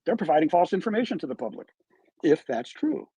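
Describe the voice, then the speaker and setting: A man's voice: fairly high pitch, big pitch swings, fast, mellow, breathy edge, no room sound, dull audio. A man giving true crime commentary on a live stream, emphatic and full of rhetorical questions, played back from his stream.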